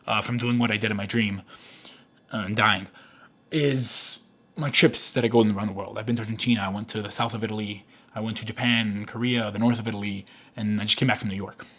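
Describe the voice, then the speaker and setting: A man in his twenties ranting in a vlog, frustrated and swearing, swinging from low mumbles to yelling. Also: slightly rough. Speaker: vlogger.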